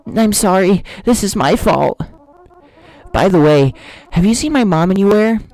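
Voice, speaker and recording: A woman's voice: medium pitch, expressive, a little slow, mellow. A woman voicing an earnest young child searching for missing parents in a game. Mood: worried.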